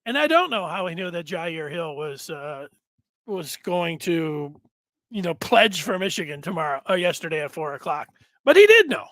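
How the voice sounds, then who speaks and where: A man's voice: fairly high pitch, expressive, normal speed, a bit bright, dry recording. A man hosting a casual sports talk stream, chatting in a rambling way and reading out viewer comments. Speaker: sports show host.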